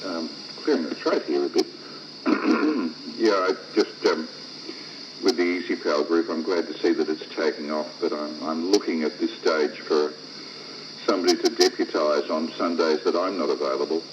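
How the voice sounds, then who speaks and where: An Australian man speaking deliberately, with hesitations, on an amateur radio net. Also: rumbling low, fairly even intonation. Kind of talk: casual amateur radio chat. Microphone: ham radio transceiver mic. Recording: dull, noisy radio transmission.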